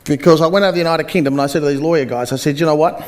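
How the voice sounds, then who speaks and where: A man's voice: fairly high pitch, racing. A middle-aged Australian man giving a motivational seminar talk, telling stories with quoted dialogue and quizzing the audience. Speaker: seminar speaker.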